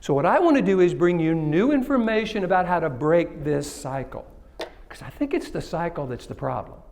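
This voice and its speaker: With a gravelly, darkish voice that's a little high and a little fast, this Kilgore, Texas man delivers an interactive conference keynote. He has lively intonation and engages the crowd with jokes and questions, over a little hiss or hum.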